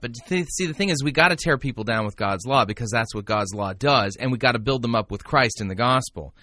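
A man's voice: mid-range voice, fairly quick, few pauses, pushed and bright, dry recording. A man giving critical, sarcastic commentary on a sermon clip, into a close mic. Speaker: commentary host reviewing a sermon.

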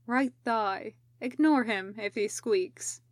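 A calm male ninja, read by a woman speaks in a flat, dry, unhurried way. The delivery is slow and the sound is close and dry. Her voice is a little high for a man's part. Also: no echo. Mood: deadpan.

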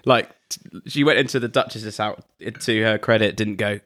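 A man's voice: on the low side, steady tone, moderate pace, a bit bright. A man co-hosting a book podcast, chatting casually with quippy asides. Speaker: podcast co-host.

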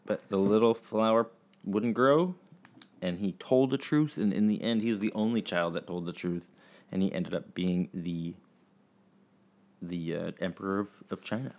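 A man teaching children, telling a story in a chatty, halting way full of fillers. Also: deep voice, a little mellow.

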